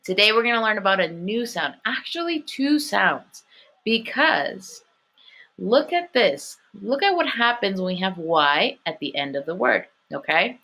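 Woman, elementary teacher, online phonics lesson, unhurried, bright tone, patient. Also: mid-range voice, sing-song. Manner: patient, repeats okay often, sounds words out slowly.

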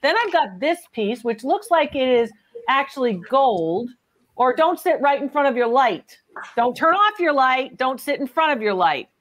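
A woman's voice: high voice, very animated, normal speed. A woman hosting a live antiques appraisal show, chatting and teasing with callers, calling them honey and laughing often. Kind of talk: lively live-stream chat with callers.

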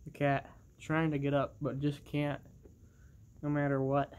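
Excitable wrestling play-by-play, slow drawn-out delivery, mid pitch, bursts of oohs. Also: clear, resonant tone. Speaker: play-by-play commentator. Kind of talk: excited wrestling commentary over a toy match.

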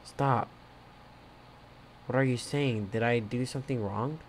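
A man's voice: medium pitch, a little slow, heavy background noise, lightly acted. Man reading a weary, pleading grown son. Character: tired pleading adult son.

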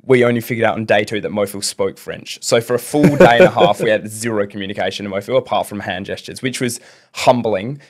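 A young man, his voice sitting fairly low, tells a rambling story on a casual podcast. He stumbles through restarts and "like"s as the story tumbles out. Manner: rambling, fast, lots of fillers and restarts. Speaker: podcast guest.

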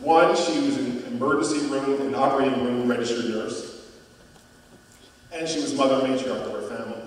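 A man's voice: medium pitch, distant mic. Dramatic man in his fifties in an echoey hall. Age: 50s. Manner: dramatic, emphatic, big shifts in loudness. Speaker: guest speaker. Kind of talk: motivational storytelling talk. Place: school auditorium.

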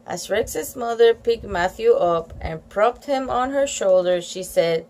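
Gushing, animated woman reading aloud. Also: mid-range voice, a little slow, hardly any pauses. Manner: gushing, animated, giggly asides. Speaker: children's book read-aloud host. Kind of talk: reading a picture book aloud. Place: home room with a fan running.

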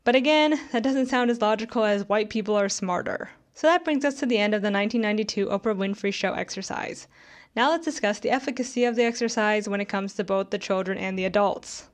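A woman's voice: mid-range voice, fast talker. A young woman reading a scripted video essay in a critical, conversational way, with sarcastic asides.

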